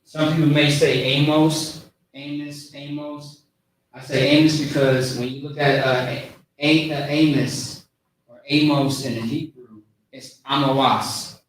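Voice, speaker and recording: A man's voice: medium pitch, fairly even intonation, unhurried. A man teaching a casual scripture class, repeating his points and checking in with the listeners. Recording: very echoey room, mic far off.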